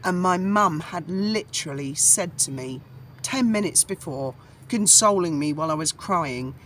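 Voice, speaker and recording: Unhurried and expressive, a middle-aged woman with a fairly low, fairly bright voice shares stories from her past on her vlog. She's talkative and meandering, full of fillers and corrections, over a faint hiss or hum.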